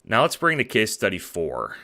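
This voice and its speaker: A man's voice: fairly low pitch, huge pitch swings, moderate pace, creaky, bright, forceful tone. A man talking through a spoken essay late at night, tired and yawning, conversational and profane with lots of fillers and "right?". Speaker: video essayist.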